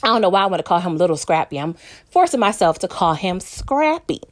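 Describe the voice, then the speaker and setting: A young New York woman with a fairly low, very animated, fairly quick voice chats her way through a casual TV episode recap. She laughs often, talks straight to her viewers, calls them "y'all," and acts out the characters' lines.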